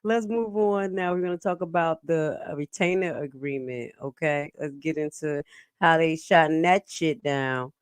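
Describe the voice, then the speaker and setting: A woman's voice: low voice, normal speed, smooth, dry recording. A woman hosting a live stream, commenting on meeting clips in a sassy, profane, emphatic way.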